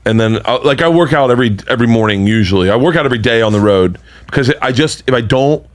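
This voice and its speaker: Animated man telling stories, lively pitch. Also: fast talker. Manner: animated storyteller, laughs a lot, pitch jumps high when excited. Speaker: podcast co-host telling road stories. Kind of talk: casual chat.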